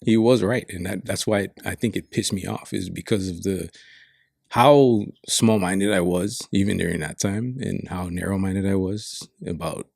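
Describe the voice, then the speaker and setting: Gravelly low-voiced saipan guy, swears a lot, reflective storytelling, dry close sound. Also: normal speed, darkish tone, no room sound. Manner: profane, frank, reflective. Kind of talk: casual storytelling.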